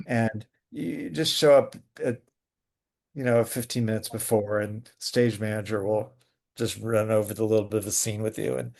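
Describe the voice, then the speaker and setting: This guest, a man who writes plays and acts, speaks at normal speed in a low-leaning, gravelly voice. Being interviewed in a relaxed chat, he shares spirited stories from the theater.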